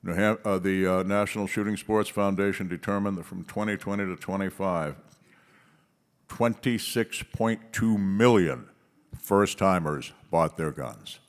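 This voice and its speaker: A man with a fairly low voice speaks from the stage of a policy conference. He tells stories with punchy emphasis, slowing down on key words and pausing between phrases.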